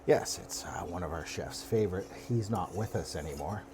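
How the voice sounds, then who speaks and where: A man voicing an overly polite male restaurant waiter in a comedy skit, speaking in formal, deadpan service patter. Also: deep voice, moderate pace, creaky, voice pushed down. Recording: audible background noise.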